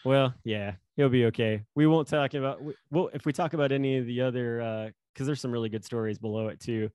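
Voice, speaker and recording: A man's voice: medium pitch, a little fast, darkish tone, clean tone, no room sound. A man co-hosting a podcast, telling a funny story in casual chat and laughing often. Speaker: podcast co-host.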